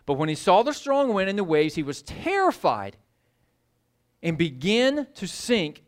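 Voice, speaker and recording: A woman preaching a sermon, retelling the story in an animated way and repeating words for emphasis. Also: lowish voice, unhurried.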